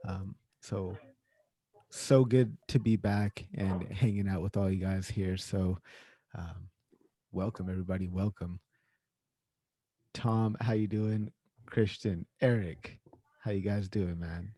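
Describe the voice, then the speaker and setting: A relaxed man hosts a casual online get-together over a video call. His voice sits low and sounds mellow. The sound is dry and close, with no room around it. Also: slow, pauses often, no echo. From Canada. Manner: laid-back, says "man" often, fillers. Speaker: host.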